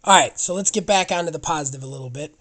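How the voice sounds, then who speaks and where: Male podcast co-host, excitable, rambles, casual delivery. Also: on the high side, rapid-fire.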